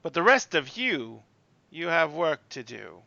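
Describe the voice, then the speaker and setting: A man's voice: fairly high pitch, very animated, a little slow, gravelly, bright, forceful tone, no room sound, highs cut off, heavily acted. A man voicing a curt, dismissive male forge master in a tabletop game.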